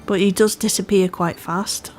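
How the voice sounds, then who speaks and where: A woman's voice: medium pitch, steady tone, moderate pace, darkish tone, soft background music. A woman with a part Scouse, part Welsh accent, casually commentating a game she is playing, chatty and self-deprecating. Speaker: gaming channel host. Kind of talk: casual let's-play commentary.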